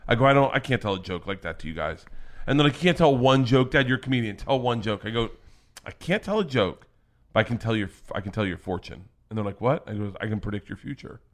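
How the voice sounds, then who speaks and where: A man, a comedian, telling family stories on a podcast in a loud, profane way, laughing as he goes. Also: mid-range voice. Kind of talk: casual storytelling.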